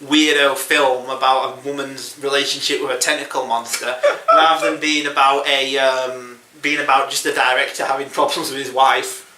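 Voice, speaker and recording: A man's voice: medium pitch, level tone, normal speed, hardly any pauses, pushed and bright, echoey room, distant mic. A man hosting a casual film review chat, rambling and chuckling often. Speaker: film review podcast host.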